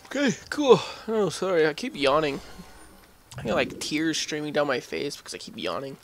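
A man's voice: a little high, big pitch swings, moderate pace. A man giving casual, rambling commentary while playing a video game, chuckling and talking back at the game. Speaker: gameplay commentator. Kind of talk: casual let's-play commentary. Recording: voice over loud game music. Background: game music.

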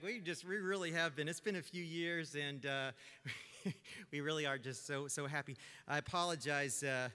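A man's voice: fairly high pitch, normal speed, sharp tone, smooth. A man hosting a church puppet show as ventriloquist, talking in a folksy, rambling way. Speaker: ventriloquist host. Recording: hall reverb with music.

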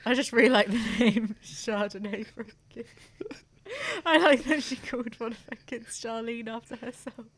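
A woman's voice: on the high side, fairly even intonation, normal speed. A woman hosting a podcast in casual banter, brash and jokey, swearing freely. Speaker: podcast host.

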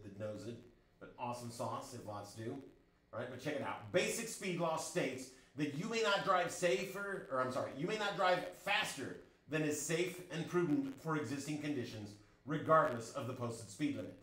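A man's voice: fairly high pitch, fairly bright tone, echoey room, rough recording. A middle-aged man teaching a driving class in a chatty, storytelling way, often checking in with the students. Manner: chatty, storytelling, frequent "right?" check-ins. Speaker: driving instructor. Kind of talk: classroom lecture.

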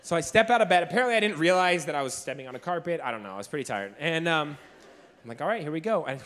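A young man with a rather high voice tells a story from a stage. He talks casually and keeps saying "like". He acts out his younger self with lively shifts in his voice. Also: racing. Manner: animated storyteller, heavy use of "like", acts out his own past lines. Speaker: keynote speaker. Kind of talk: motivational storytelling speech. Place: large room with an audience.

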